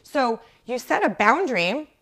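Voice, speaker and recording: A woman's voice: on the high side, very animated, a little slow, fairly bright tone, husky. Chatty woman coaching moms live. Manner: chatty, keeps asking "right?" and uses lots of "like"; greets viewers by name mid-talk. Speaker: mom life coach hosting a live show. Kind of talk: casual coaching talk on a live stream.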